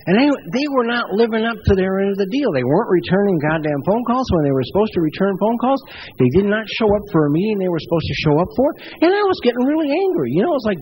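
Middle-aged man, storytelling recovery speaker: blunt, cursing, animated and high-pitched, over light noise. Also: quick pace, poor audio. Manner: pitch swings widely for emphasis. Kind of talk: personal recovery talk.

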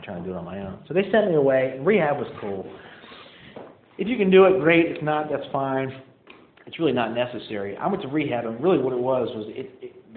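A man in his twenties telling a personal story casually, candid and rambling, laughing at himself. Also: mid-range voice. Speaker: storyteller recounting addiction. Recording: echoey, phone-like, faint noise.

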